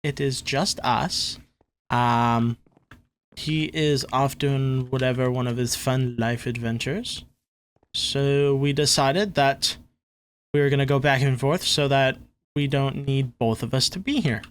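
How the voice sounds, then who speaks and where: A man's voice: medium pitch, slow. A man hosting a gaming channel, chatting casually and rambling through gameplay commentary with lots of fillers and a loose, self-mocking, easygoing manner.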